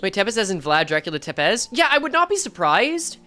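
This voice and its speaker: A woman streamer reading a game story aloud live, joking and reacting in an animated, casual way with occasional swearing. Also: medium pitch, a little fast, faint music behind.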